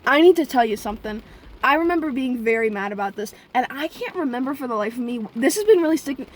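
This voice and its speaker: Chatty young woman with a high voice. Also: lively intonation, fast talker. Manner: rambling, chatty, with sudden profane outbursts; talks straight to her viewers. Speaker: vlogger. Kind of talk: casual storytelling vlog.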